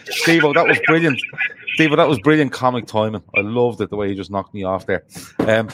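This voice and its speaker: A man's voice: a little high, normal speed, background noise. A man hosting a casual podcast chat, cutting in eagerly and laughing. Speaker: podcast host.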